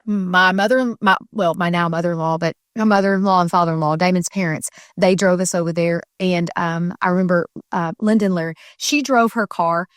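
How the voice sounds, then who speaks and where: A woman's voice: lowish voice, fairly even intonation, brisk, few pauses, no room sound, clean studio sound. A middle-aged woman telling a personal faith story as a podcast guest, earnest and tumbling, with many restarts and fillers.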